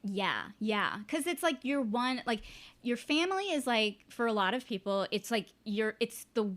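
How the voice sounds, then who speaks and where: A woman guest in casual podcast chat, rambling fast with lots of fillers and restarts. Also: on the high side, big pitch swings, a bit bright. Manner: rapid rambling with many fillers.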